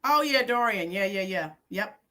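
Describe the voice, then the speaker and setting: Pushed and bright, her mid-range voice carries lively intonation at a moderate pace. This middle-aged teacher runs her own YouTube channel and chats with viewers live, answering them by name while reminiscing.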